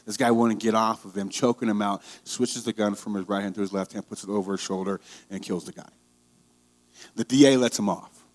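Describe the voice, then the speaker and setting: A male pastor preaching a conversational sermon, telling stories and growing heated. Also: lowish voice. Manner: conversational storytelling, grows heated.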